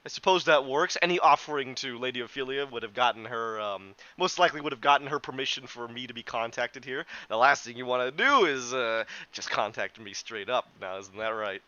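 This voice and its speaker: A man voicing a booming, pompous male god who speaks in grand, old-fashioned phrases. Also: brisk, hardly any pauses, sharp tone, no echo, lightly acted. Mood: haughty. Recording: dull lo-fi, dry.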